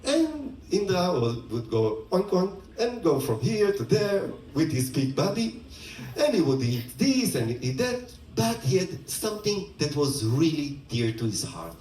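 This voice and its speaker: A man retelling a myth in a playful, animated way, with laughing asides. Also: on the high side, unhurried, a little hiss or hum. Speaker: storyteller. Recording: roomy, distant mic, faint ambience.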